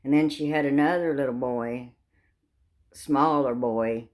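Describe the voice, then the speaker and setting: A woman's voice: very deep voice, measured pace, a little mellow. An older woman telling a funny family story in a folksy way, with sound effects. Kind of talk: casual storytelling.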